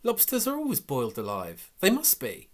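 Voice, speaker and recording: A man's voice: on the high side, huge pitch swings, normal speed, pitched above the performer's own voice. A man voicing a stern, impatient old aunt who scolds curtly. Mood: scolding. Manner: curt and scolding.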